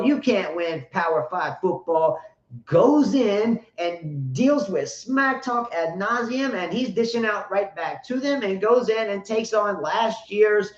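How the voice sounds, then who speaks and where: High-voiced, animated man on a live tennis stream. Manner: animated, loose and profane, hypes up the chat. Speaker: co-host of a live tennis chat show. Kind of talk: casual live-stream chat. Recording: roomy, dull lo-fi live-stream audio.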